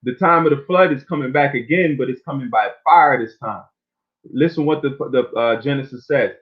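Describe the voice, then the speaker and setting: A man preaching an informal sermon, reading scripture slowly and then talking it over loosely, often ending lines with "man.". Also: mid-range voice. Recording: phone-like narrow sound.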